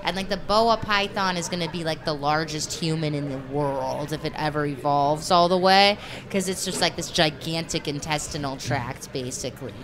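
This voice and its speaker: A young woman on a casual podcast panel, talking excitedly and rambling. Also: deep voice, moderate pace, few pauses, noisy background.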